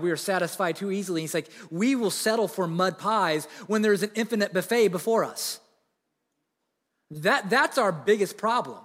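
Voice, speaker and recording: A man's voice: high voice, fairly bright tone. A man preaching a sermon, earnest and conversational, often restarting his sentences. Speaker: pastor. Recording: long reverb of a large hall.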